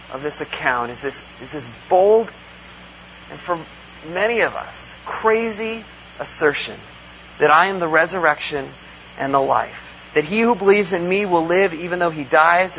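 A man's voice: fairly high pitch, animated, normal speed, creaky, fairly bright tone. A man preaching a conversational sermon, earnest, asking rhetorical questions and acting out quotes. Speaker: pastor. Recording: dull lo-fi recording with faint hum.

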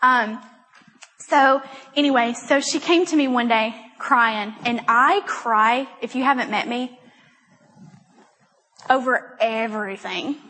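A young woman speaks at a church gathering in a chatty, rambling way, making self-deprecating jokes as she goes. Her voice sits on the high side and has a breathy, husky edge. The sound carries the long reverb of a big hall. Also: slow pace, pauses often, sharp tone. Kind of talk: personal testimony talk.

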